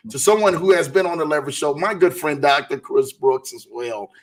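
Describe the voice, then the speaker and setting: A man's voice: fairly high pitch, lively intonation, brisk. A man hosting an interview show, asking long rambling questions full of fillers and cheering his guest on. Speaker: podcast host. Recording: voice distant from mic.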